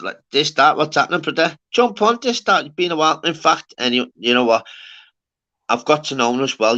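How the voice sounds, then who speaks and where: This livestream host is a man with a lowish, pushed, bright voice. He rambles and swears through casual chat, calling everyone "lad."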